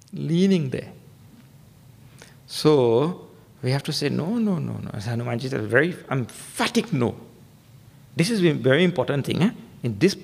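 A man giving a humorous sermon as a spiritual teacher, telling stories and acting out quotes with emphatic stress. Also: vocal fry. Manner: humorous storytelling with acted quotes; emphatic, rising pitch for stress.

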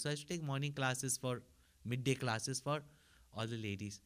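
A man who speaks at a medium pitch, briskly and with a slightly bright tone, tells a story as a spiritual teacher. His manner is chatty and conversational, and he keeps checking in with listeners and asking for their agreement.

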